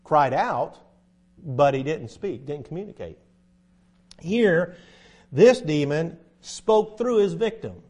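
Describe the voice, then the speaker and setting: A middle-aged man teaching a Bible lesson in sermon style, emphatic, with sudden loud bursts for stress. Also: fairly high pitch, lively intonation, takes it slowly, pauses often, breathy edge.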